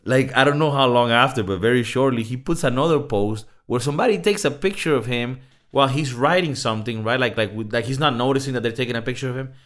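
A man's voice: mid-range voice, quick pace. A man co-hosting a podcast, talking casually with lots of swearing. He rants with energy and mimics the people he talks about. His voice sits in an ordinary middle range. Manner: animated storyteller, mimics people, swears freely. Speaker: podcast co-host.

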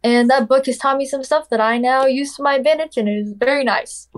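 A woman's voice: high voice, fairly even intonation, a little fast. A young woman telling a personal story in a casual, chatty way, full of "like" and "literally", acting out what people said. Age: young adult. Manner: acts out quoted dialogue.

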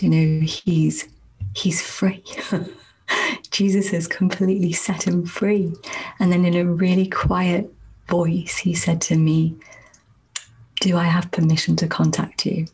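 A woman giving a slow, reflective spoken testimony as a Christian minister, soft and halting, often dropping to a near whisper. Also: on the low side, husky, poor audio.

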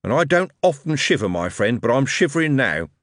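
A man voicing a gruff older male tycoon and grandfather who speaks gravely and bluntly. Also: mid-range voice, big pitch swings, a little fast, a bit bright, no echo, studio quality.

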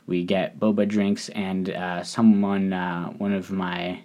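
A man with a lowish voice talks through his solo podcast in a loose, rambling way, stopping and restarting often. A recent cold leaves his voice a little hoarse and scratchy. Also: flat delivery, slow pace, a little mellow, muffled recording. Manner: rambling, hesitant, many fillers and restarts. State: recovering from a cold, slightly hoarse. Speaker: podcast host. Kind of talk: casual solo podcast talk. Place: living in Japan.

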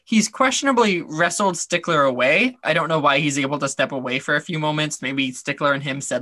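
A man's voice: a little high, normal speed, sharp tone, no echo. A man co-hosting a podcast, recapping a scene in a rambling, wry way with lots of fillers. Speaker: podcast co-host. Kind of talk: casual recap chat.

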